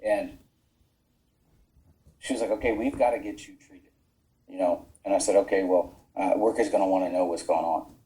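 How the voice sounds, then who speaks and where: A low-pitched man with a mellow, dark voice recounts his army years as a podcast guest. He talks frankly, swears often, and slips into the voices of the people he quotes. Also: steady tone, normal speed, long pauses, low-quality recording. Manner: frank, swears freely, acts out quoted dialogue. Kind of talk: casual storytelling. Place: podcast studio.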